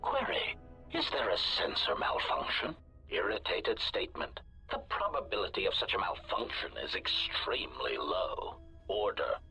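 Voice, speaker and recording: A man voicing a cold, scheming droid mastermind in a video game, clipped and flat, labelling each statement before he says it, heard under game music. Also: sits low, moderate pace, heavily acted. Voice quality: flat mechanical delivery.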